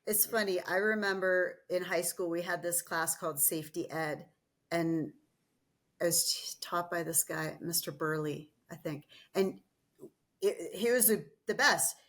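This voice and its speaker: A woman's voice: fairly low pitch, steady tone, measured pace, a bit bright. A woman guest on a podcast, chatty in casual conversation, laughing often and losing her train of thought. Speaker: guest, gym general manager.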